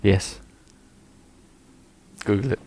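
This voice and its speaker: A man's voice: drawn-out words, darkish tone. A man co-hosting a podcast, teasing the others and jumping in with tangents. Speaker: podcast co-host. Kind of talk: casual banter.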